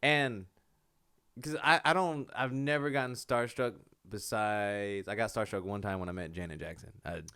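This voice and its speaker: A man who is a comedian guest on a podcast, chatting in an emphatic, slangy way and loudly quoting himself. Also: on the low side, fairly even intonation, normal speed, clean tone. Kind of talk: casual comedy podcast chat.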